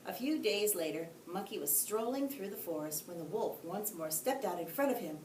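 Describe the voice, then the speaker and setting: A woman teacher reading a bedtime story aloud, expressive, with friendly asides to young listeners. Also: medium pitch, moderate pace. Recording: echoey room, distant mic, faint hiss.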